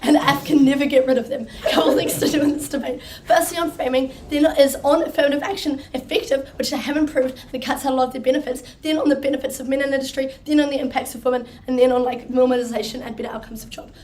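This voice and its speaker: A teenage girl, hoarse from losing her voice, giving a quick, punchy and wry competitive debate speech. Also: sits high, fairly even intonation, darkish tone, a little hiss or hum. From New Zealand. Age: teens. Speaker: school debater. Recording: distant room mic.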